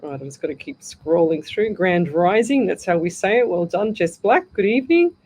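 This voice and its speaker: A woman's voice: on the low side, expressive, moderate pace, a little mellow, a little hiss or hum. Chatty Australian woman hosting live radio. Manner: chatty, greets listeners by name, thinks aloud. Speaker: psychic medium radio host. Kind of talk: live call-in radio show.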